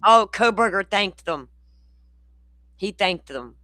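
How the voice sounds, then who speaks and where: A woman's voice: medium pitch, animated, slow, pushed and bright. A woman host giving blunt, profane, sarcastic commentary on clips.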